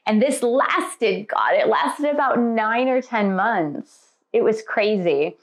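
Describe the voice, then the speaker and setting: A candid, expressive woman telling a personal story, heavy on casual "like" fillers. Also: medium pitch. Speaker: spiritual teacher.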